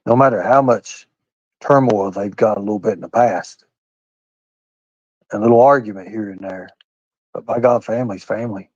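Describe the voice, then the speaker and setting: A man holds forth on his own livestream, blunt and profane, leaning on folksy phrases and preaching between the curses. His voice is dark and mellow. The sound is dry and a bit dull, like a lo-fi home stream. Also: lowish voice, normal speed, pauses often, no echo. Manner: folksy Southern-style phrasing with "by God" and "ain't". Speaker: livestream host. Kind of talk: heated livestream rant.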